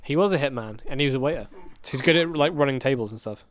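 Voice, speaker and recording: Chatty man, smooth voice. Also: mid-range voice. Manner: chatty, quick restarts, laughs often. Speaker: podcast co-host. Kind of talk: casual chat watching a show.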